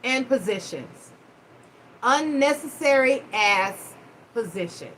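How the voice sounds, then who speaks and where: A woman hosting a live-stream chat, telling stories in a blunt, profane, animated way. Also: a little high, takes it slowly, slight background noise, poor audio. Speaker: host.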